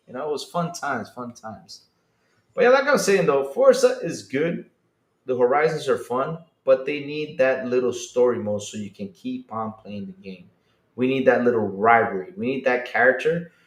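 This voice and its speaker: A man's voice: on the high side, fairly bright tone, reverberant. A man hosting a podcast in casual live-stream chat, rambling and reading out chat messages. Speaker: podcast host.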